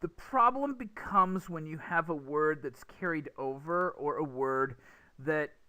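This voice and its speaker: A man's voice: on the high side, measured pace, sharp tone, clear, resonant tone. A young man teaching a recorded English pronunciation lesson, explaining patiently and often repeating words as he restarts.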